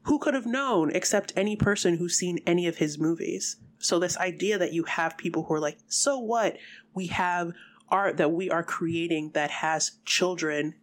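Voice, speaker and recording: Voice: mid-range voice, normal speed. Blunt, profane podcast co-host. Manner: blunt, swears freely, emphatic. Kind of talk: casual chat.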